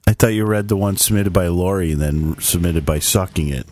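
A man's voice: low-pitched, a little fast, darkish tone. A man co-hosting a podcast, reading listener comments in casual chat, laughing and swearing freely. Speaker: podcast co-host.

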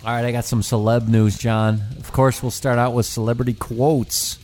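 A man's voice: medium pitch, flat delivery, normal speed, darkish tone. A man co-hosting a comedy talk show, bantering crudely and quizzing his co-host.

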